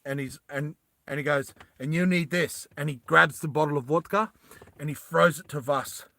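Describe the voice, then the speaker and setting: A man narrating a tabletop game as game master, in an animated, rambling storytelling style. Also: fairly high pitch, moderate pace, creaky, dry recording.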